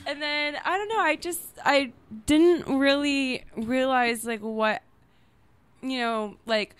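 Giggly, candid young woman, smooth voice. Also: high-pitched, fairly even intonation, slow pace, no echo. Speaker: podcast guest. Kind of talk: casual chat.

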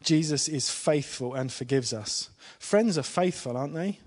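A man giving an informal church talk to a live congregation, chatty and friendly, asking the room questions and dropping to a hushed voice when he retells the story. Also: a little high, lively intonation, normal speed. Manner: chatty, asks the congregation questions, with small laughs. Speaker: preacher.

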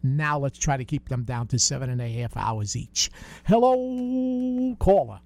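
A man's voice: mid-range voice, moderate pace, gravelly. An older man hosting a call-in radio show, chatty and full of corny jokes. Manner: joking, chatty, folksy.

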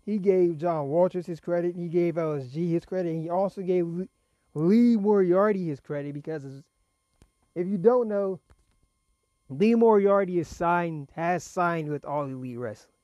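Chatty man recapping wrestling, dark tone. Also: high-pitched, normal speed, dry recording, lo-fi sound. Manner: chatty, rambling, laughs while talking. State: fighting a cough. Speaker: wrestling show reviewer. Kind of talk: casual solo recap.

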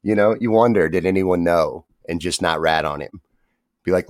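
A man's voice: sits low, moderate pace, dry recording, clean studio sound. A man co-hosting a podcast, telling a story in casual, profane chat. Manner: profane, laid-back storytelling. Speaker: podcast co-host.

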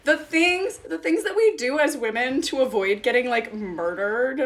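A woman's voice: high voice, expressive, moderate pace. A woman hosting a podcast interview, chatty and wry as she tells her own stories. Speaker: podcast host. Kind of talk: conversational interview.

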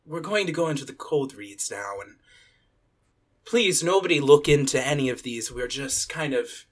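A man's voice: mid-range voice, lively intonation, normal speed, lightly acted. A man doing a gushing drama teacher. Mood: warm. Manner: gushing, theatrical praise. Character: male drama teacher running auditions, effusive.

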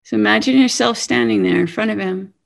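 A woman in her fifties giving a sermon-style talk, earnest and animated, laughing now and then. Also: mid-range voice, brisk, vocal fry. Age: 50s. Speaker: speaker.

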